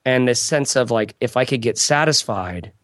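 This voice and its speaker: A man's voice: mid-range voice, lively intonation, moderate pace, a bit bright, no room sound, clean studio sound. Rambling, restart-prone man in casual chat. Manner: rambling, self-interrupting, frequent restarts. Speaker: podcast guest. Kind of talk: casual conversation.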